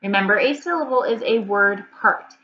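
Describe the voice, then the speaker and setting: A woman teacher giving a reading lesson to young children, slow and encouraging, repeating each prompt. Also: mid-range voice, highs cut off, slight background noise.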